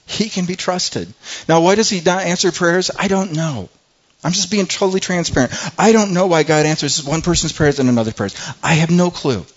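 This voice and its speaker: A man's voice: on the high side, brisk, dull audio. A man preaching a sermon in an earnest, conversational way, often restarting his phrases. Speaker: pastor.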